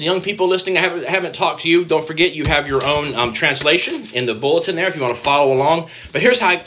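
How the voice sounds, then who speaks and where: A man's voice: a little high, a bit bright, a little hiss or hum. A man preaching a conversational sermon, speaking directly to the children in the congregation and acting out quoted voices. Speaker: pastor.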